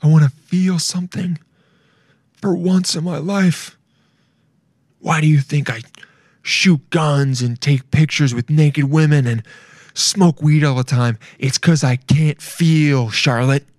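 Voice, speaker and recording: A man's voice: on the high side, steady tone, slow, dry recording, studio quality. A man doing a sobbing macho playboy. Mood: anguished. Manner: sobbing, overwrought, breaking into shouts. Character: macho male celebrity, tearful and desperate.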